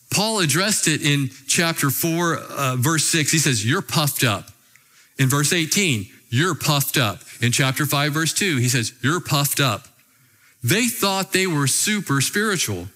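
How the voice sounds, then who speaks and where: A man's voice: fairly high pitch, bright, forceful tone. A male preacher delivering a sermon, emphatic and asking his listeners rhetorical questions. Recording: long hall reverb.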